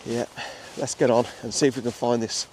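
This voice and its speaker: A young man with an English Midlands accent narrates a casual outdoor vlog, filming a nature reserve walk as a wildlife photographer. He speaks fairly quickly in a flat, mid-range, darkish voice, with many fillers and restarts. The recording carries a little hiss or hum.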